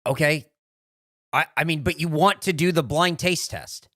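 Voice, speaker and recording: A man's voice: on the high side, moderate pace, a bit bright, dry recording, clean studio sound. A man co-hosting a casual podcast, teasing and chatting freely with friends. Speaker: podcast co-host. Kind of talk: casual group chat.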